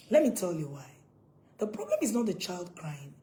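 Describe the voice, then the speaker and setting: Emphatic woman with a lively voice. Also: lowish voice, moderate pace, rough recording. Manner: emphatic, repeats questions, acts out shouting parents. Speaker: parenting coach. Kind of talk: live-stream parenting talk to viewers.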